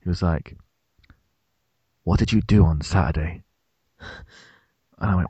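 This British man in his thirties, a podcast co-host, talks at a slow pace with a breathy edge, with no room sound and dull audio. He animatedly tells a funny story in casual conversation, performing the quotes with big leaps in pitch.

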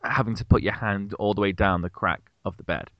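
A young man co-hosting a podcast, telling an animated, swearing story in casual chat. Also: lowish voice, fairly quick, dry recording, lo-fi sound. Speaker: podcast co-host.

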